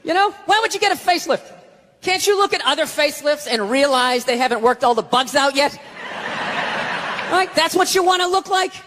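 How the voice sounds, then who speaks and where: A middle-aged man from the US East Coast doing stand-up comedy, ranting and swearing, sometimes shouting. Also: extremely high pitch, animated, brisk. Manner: ranting, profane, shouting at times. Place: large live comedy venue. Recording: live venue with long reverb and loud crowd. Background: audience laughter and crowd noise.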